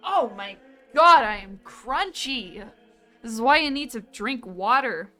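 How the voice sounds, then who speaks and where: Bright slow-talking young woman streamer. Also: on the high side, expressive. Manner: theatrical, sarcastic, swings into sing-song. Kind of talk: playful mock-priest livestream chat.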